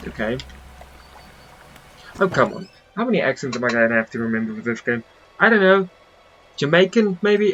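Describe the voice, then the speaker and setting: A man's voice: mid-range voice, lively intonation, brisk, a bit bright, faint music behind, rough recording. Chatty man joking through a game. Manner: chatty, joking asides, stumbles on words. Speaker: gaming channel host. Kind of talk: casual let's play commentary.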